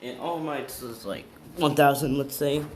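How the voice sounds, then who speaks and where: A man's voice: mid-range voice, measured pace, a little mellow, reverberant, a little hiss or hum. A man casually improvising a fan story, rambling, correcting himself and tagging lines with "right?". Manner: rambling, constant "right?" tags and self-corrections; casual, slangy.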